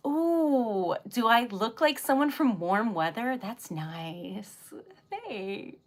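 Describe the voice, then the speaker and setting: Young woman, fairly high voice, casual livestream chatter, giggly, rambling, jet lagged. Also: lively intonation, slow pace. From New England. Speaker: livestream host making wax stickers.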